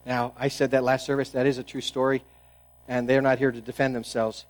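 A man preaching a sermon as pastor, earnest, often restarting his phrases and dropping to a hushed tone. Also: medium pitch, level tone, brisk, low-quality recording. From New England, United States.

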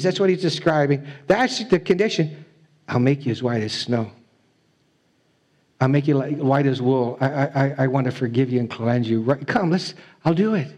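A man's voice: mid-range voice, normal speed, a little mellow. A man preaching a sermon as a pastor, earnest and pleading, often repeating his phrases. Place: church.

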